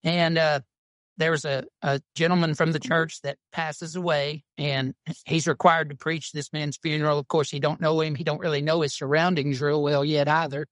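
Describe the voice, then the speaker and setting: A man's voice: a little high, little pitch movement, moderate pace, a bit bright, no echo. A man, a pastor telling stories and chatting in a folksy, informal drawl. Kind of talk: casual podcast chat about church.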